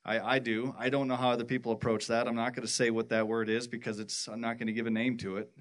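A man from the worship team giving a personal testimony at church, rambling and halting with many restarts. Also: medium pitch, flat delivery.

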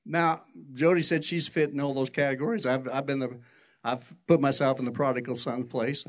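An older man preaching a sermon, telling stories in an animated way and jumping high for quoted voices. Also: normal speed. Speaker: pastor.

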